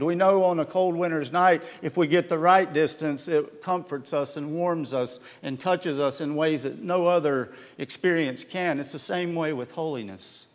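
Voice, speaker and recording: A man's voice: on the high side, long reverb tail. A man preaching a sermon as pastor, earnest and emphatic, often restarting his words.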